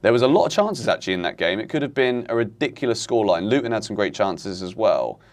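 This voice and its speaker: Animated man ranting about football. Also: lowish voice, fast. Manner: animated, exasperated rants. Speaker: football podcast host. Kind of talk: casual football chat.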